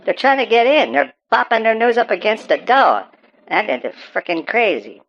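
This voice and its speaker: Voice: mid-range voice, lively intonation, moderate pace, creaky, fairly bright tone. A performer playing a paranoid rural farmer who rambles and stammers through profane rants about super pigs. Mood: ranting. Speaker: interviewee on a call-in show. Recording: dull, muffled audio.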